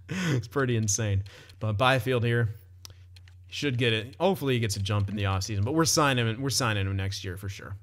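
A young man casually commenting on his own hockey game, chatty, often laughing and swearing loosely. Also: on the low side. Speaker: gaming commentator.

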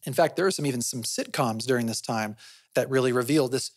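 A man's voice: mid-range voice, fairly quick, dry recording, clean studio sound. Casual man explaining to a podcast audience. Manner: conversational, asks himself questions and answers them; often adds "right?" as a tag. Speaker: podcast host.

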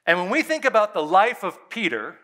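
A man preaching from the pulpit with a high, bright and forceful voice. He talks earnestly and presses each point home, often repeating a line to drive it in. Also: sing-song, brisk. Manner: earnest, emphatic preaching with repetition. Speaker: pastor. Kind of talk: sermon.

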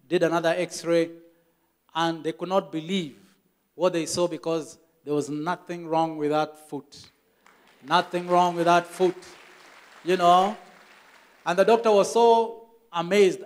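A Kenyan man preaching a church sermon as the pastor, telling stories with emphatic repetition. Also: high voice.

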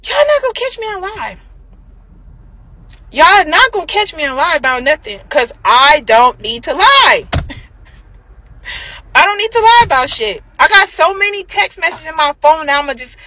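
A woman's voice: high voice, animated, moderate pace, sharp tone, dry recording, poor audio. A woman on a phone livestream, ranting heatedly and profanely, repeating herself for emphasis. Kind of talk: angry livestream rant.

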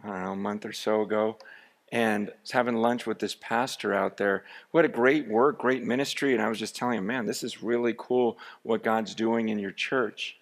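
A man preaching a sermon, telling a story with lively energy that rises to shouts. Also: lowish voice, moderate pace. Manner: storytelling, animated, rising to shouts. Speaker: pastor.

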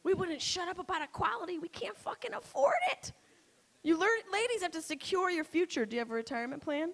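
Loud foul-mouthed lady doing standup, high pitched, teasing the audience. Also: quick pace. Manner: brash, profane, crowd work. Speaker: stand-up comedian. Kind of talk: stand-up comedy set. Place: comedy club stage.

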